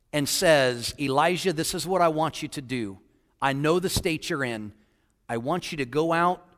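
A pastor preaching a sermon with passion, sinking into hushed tones and then building to emphatic points, and asking the congregation questions. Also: male voice, medium pitch, long reverb tail.

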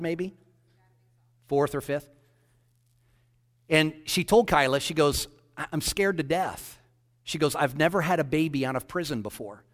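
A man's voice: fairly high pitch, long reverb tail. A man preaching as a pastor, telling a story and acting out the dialogue of the people in it. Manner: animated storyteller, quoting others in dialogue. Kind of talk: sermon storytelling.

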